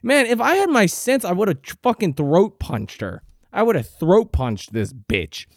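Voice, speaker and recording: Male comic host, rambling profane storyteller, deadpan, pitched a bit high, dry booth sound. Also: normal speed, dry recording. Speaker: podcast host. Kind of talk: comedic storytelling monologue.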